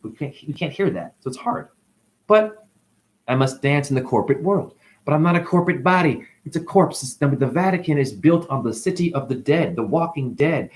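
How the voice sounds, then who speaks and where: A man giving a free-flowing spiritual monologue on his channel. He talks animatedly, calls the listener honey, and swings between loud bursts and whispers. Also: a little fast. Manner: animated, sudden jumps in pitch and loudness. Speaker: spiritual vlogger.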